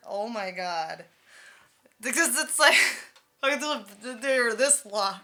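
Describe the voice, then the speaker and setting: Bright-voiced woman streamer telling a story. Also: on the high side, a little slow, soft background music. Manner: animated, laughing, swearing, filler-heavy. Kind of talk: casual storytelling chat.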